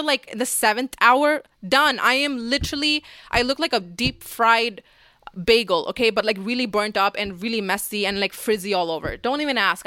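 A young woman telling a story to her vlog camera in a casual, animated way, packed with "like" and swearing. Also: medium pitch, smooth, no echo. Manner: fast, animated, lots of "like" and swearing. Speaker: YouTuber.

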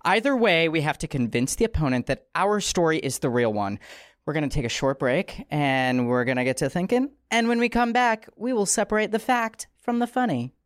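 A woman hosting a comedy podcast in a studio, with a raspy, strained throat, telling a story in a playful, rambling way full of asides. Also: sits low, big pitch swings, a little fast, no room sound. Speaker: podcast host.

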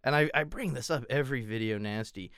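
Profane rambling American podcast host. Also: male voice, medium pitch, quick pace, a bit bright, clean tone, dry recording, studio quality. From United States. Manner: rambling, profane, laughs a lot. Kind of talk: casual podcast chat.

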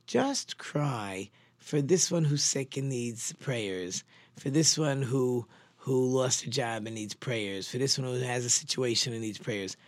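A man voicing a calm, wise older woman who survived a war, gently giving advice in his own voice within a spoken story. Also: medium pitch, measured pace, dry recording, close to an everyday voice. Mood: counseling. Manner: gently counseling.

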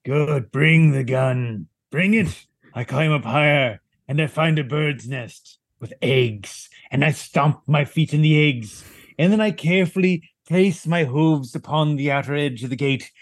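A man's voice: a little high, moderate pace, dry recording, clean studio sound. A man playing in a tabletop game, eagerly describing his character's actions. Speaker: player. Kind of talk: tabletop role-play.

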